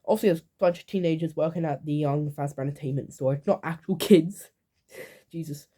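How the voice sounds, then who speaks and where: A woman's voice: low-pitched, fairly quick, warm tone. A woman YouTuber talking through a video game timeline in casual commentary, rambling with lots of fillers and offhand asides.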